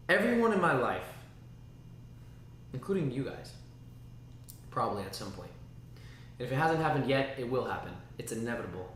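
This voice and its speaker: A man streaming casually to his chat, rambling and animated, dropping spoken sound effects like "boom" between thoughts. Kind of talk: casual livestream talk. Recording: very echoey room, faint noise.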